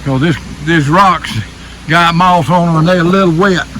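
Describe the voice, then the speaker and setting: A man's voice: a little high, normal speed, sharp tone, a little hiss or hum, rough recording. Folksy older man hiking. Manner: folksy, rambling, talks to himself while walking. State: out of breath. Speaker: RV vlogger. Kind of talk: casual hiking vlog narration. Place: wooded trail outdoors by a waterfall. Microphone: handheld camera while hiking.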